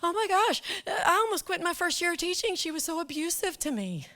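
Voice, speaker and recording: A woman voicing an earnest young female teacher who confides softly. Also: very high-pitched, animated, a little fast, voice pushed up, full character voice.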